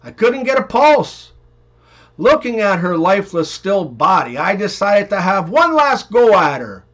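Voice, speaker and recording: A man reading one-liners and joke stories in an even, unhurried way. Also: high voice. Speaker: joke narrator. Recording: dull, muffled recording.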